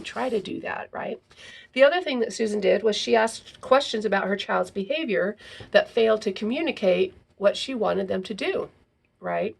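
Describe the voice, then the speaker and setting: A woman hosting a parenting show talks through her points in a relaxed, explanatory way, often checking in with a quick "right?". Her voice has a gravelly, fry-tinged edge. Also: mid-range voice. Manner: frequent "right?" tags, reads aloud from a book. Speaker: parenting podcast host. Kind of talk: casual teaching talk.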